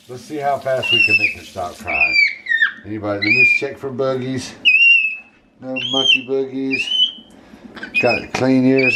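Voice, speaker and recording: A man talks slowly and soothingly to his pet monkey during a bath, cooing in baby talk. His pitch swings widely up and down in a singsong way. Loud running water fills the bathroom recording. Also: very noisy. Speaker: pet monkey owner and vlogger. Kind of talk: casual vlog narration while bathing a pet.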